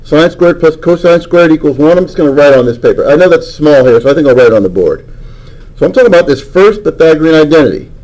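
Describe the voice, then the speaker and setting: A man's voice: a little high, expressive, fast talker, a little mellow, poor audio. A man teaching a math class, lecturing and coaxing answers from students with frequent questions.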